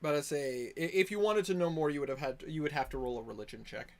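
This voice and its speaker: Give me a man narrating a tabletop game as game master, his voice a touch high. He rambles and restarts often. He talks over voice chat. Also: fast talker. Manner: rambling, full of fillers and restarts. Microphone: online voice chat.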